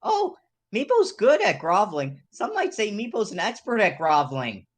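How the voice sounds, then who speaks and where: A woman's voice: medium pitch, big pitch swings, moderate pace, breathy edge. A woman playing a groveling coward. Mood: sheepish. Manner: talks about himself in third person, wails when pleading. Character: cowardly male adventurer who grovels, dramatic.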